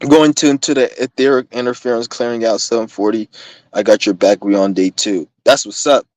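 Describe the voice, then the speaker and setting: A man's voice: medium pitch, fairly even intonation, fairly quick, darkish tone, no echo, rough recording. Profane rambling young man, dry sound. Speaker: vlogger. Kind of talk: casual rant to camera.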